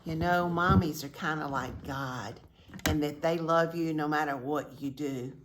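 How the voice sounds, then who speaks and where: A woman reading a picture book aloud to children in a slow, expressive storytelling manner with friendly asides. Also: sits low, reverberant, background noise.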